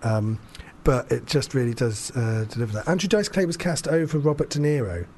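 A man talks through a casual chat in a loose, rambling way, full of asides and swearing. His voice sits at an ordinary pitch for a man. A faint hiss of noise runs underneath. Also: a little fast. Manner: rambling, animated, swears freely. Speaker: podcast host.

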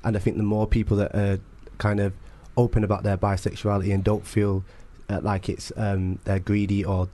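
A male guest with a fairly low voice, chatting with the host. He sounds relaxed and upbeat and uses fillers now and then. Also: normal speed. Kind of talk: casual chat.

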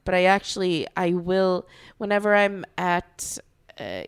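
Woman, slow and smooth, kinda low voice, playful and giggly. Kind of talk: casual chat.

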